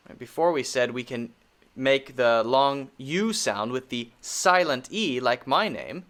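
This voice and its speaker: An American man teaching pronunciation, drawing out each vowel sound and repeating words so learners can copy them. His pitch moves a lot as he models the sounds, and he speaks at an unhurried pace. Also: animated, a bit bright. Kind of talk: pronunciation lesson.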